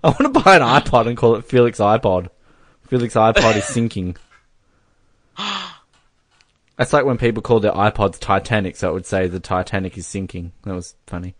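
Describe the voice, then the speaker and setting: A man's voice: on the low side, lively intonation, moderate pace, long pauses, dry recording. A man co-hosting a podcast, chatting casually through a film commentary with a joking, giggly manner. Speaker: podcast co-host.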